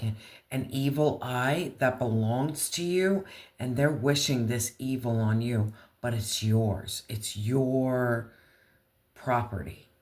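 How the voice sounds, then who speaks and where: A tarot reader giving a casual reading, talking straight to the viewer in blunt slang and swearing freely. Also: mid-range voice. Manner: speaks slowly, talks straight to viewer.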